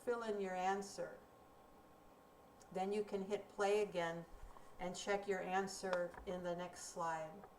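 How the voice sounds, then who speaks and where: A woman teaching a recorded grammar lesson, speaking slowly and clearly in a deliberate teaching manner. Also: fairly low pitch, fairly even intonation, darkish tone. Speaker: ESL teacher. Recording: roomy, distant mic with faint room noise.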